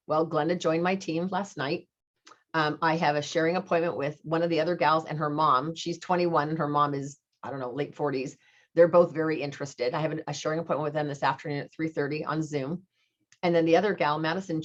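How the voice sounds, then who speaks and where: A woman's voice: sits low, steady tone, quick pace. A middle-aged woman leading her sales team with a motivational talk, upbeat and coaching, and she repeats key phrases for emphasis. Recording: dull lo-fi recording.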